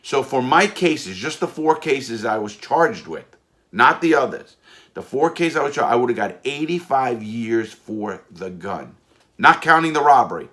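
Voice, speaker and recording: A man's voice: mid-range voice, expressive, unhurried, a bit bright. A man telling his own story in a casual, emphatic monologue, often restarting and repeating himself. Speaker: storyteller recounting his prison case.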